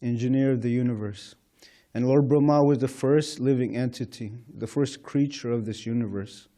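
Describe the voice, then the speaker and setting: A man's voice: mid-range voice, steady tone, moderate pace, mellow. A man giving an informal scripture class at a temple, talking conversationally with frequent "you know" and chuckles. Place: temple lecture hall.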